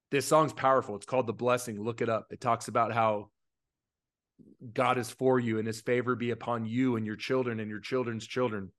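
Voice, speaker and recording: A man's voice: mid-range voice, a bit bright. A man who coaches youth baseball, chatting on a podcast in an earnest, openly emotional way with plenty of fillers. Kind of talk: casual podcast chat.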